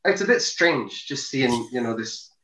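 A man's voice: medium pitch, lively intonation, measured pace, a bit bright, reverberant, rough recording. A Scottish man, a singer, speaking reflectively and hesitantly with many fillers in an interview. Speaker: singer, guest. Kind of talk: casual conversation.

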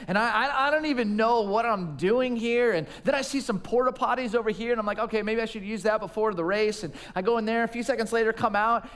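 High-voiced man preaching in a hall. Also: fairly bright tone. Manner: self-deprecating storytelling. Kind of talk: sermon. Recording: long reverb of a large hall.

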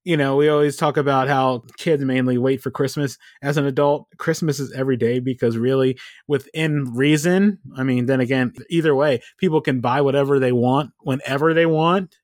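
A man's voice: mid-range voice, steady tone, normal speed, hardly any pauses, no room sound, clean studio sound. A man hosting a podcast, rambling casually through stories. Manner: chatty, rambling storyteller. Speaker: podcast host. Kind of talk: casual chat.

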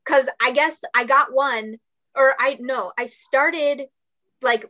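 A young woman voice actress chatting in an interview, bubbly and quick, with a lot of "like". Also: high voice, bright, forceful tone, poor audio. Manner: bubbly, fast, heavy use of "like". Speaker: voice actress guest. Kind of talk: casual interview chat.

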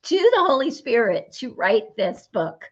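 Husky-voiced woman host. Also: on the high side, sing-song, a little slow, highs cut off. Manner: encouraging, affirms often. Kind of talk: casual interview talk.

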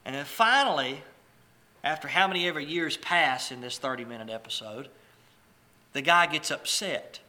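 Bright-voiced man preaching. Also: a little high, animated, normal speed. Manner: conversational, storytelling asides with restarts. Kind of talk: sermon.

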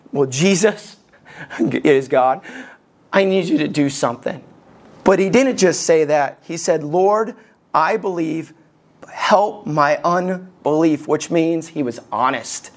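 A man preaching a sermon as pastor, impassioned, his voice rising when he acts out prayers. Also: high-pitched.

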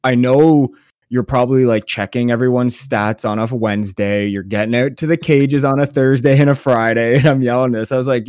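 A man's voice: mid-range voice, fairly even intonation, a little fast, a little mellow, clear, resonant tone, dry recording, studio quality. Profane, sarcastic man telling a story. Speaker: podcast co-host. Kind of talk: casual storytelling chat.

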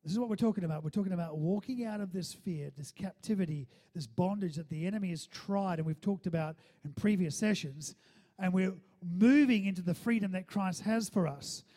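A man's voice: high voice, fairly quick, dark tone. A man preaching a sermon, often calling out to his listeners for agreement and repeating words as he goes. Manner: calls for audience response, repeats words. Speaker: pastor. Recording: hall with long reverb.

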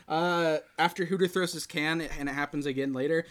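A man hosting a podcast, chatting casually and retelling a film with lively acted-out quotes. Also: fairly high pitch, fairly quick. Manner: animated storytelling, acts out quotes. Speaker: podcast host. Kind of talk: casual chat.

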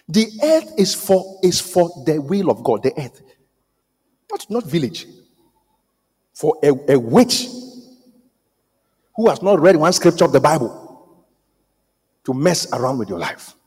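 A man preaching a sermon, emphatic and repetitive, moving between loud declarations, hushed lines and bits of song. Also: sits high, breathy edge. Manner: emphatic, repetitive, swings from shouting to near whisper, breaks into song. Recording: echoey hall with long reverb.

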